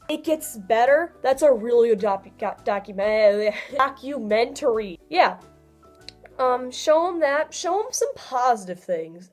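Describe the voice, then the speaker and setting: A young woman talks through casual advice in a fairly high voice, chatty and prone to little laughs. Her pitch jumps around as she gets excited. Soft music plays faintly under her. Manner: chatty, laughs often, lively swings in pitch. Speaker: vlogger.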